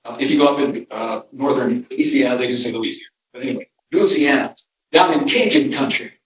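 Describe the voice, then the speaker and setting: Speaking fast with a medium-pitched voice, an older pastor tells homespun stories in a conversational church-hall seminar, frequently restarting his sentences. There's slight background noise, and the sound is roomy, distant, and dull.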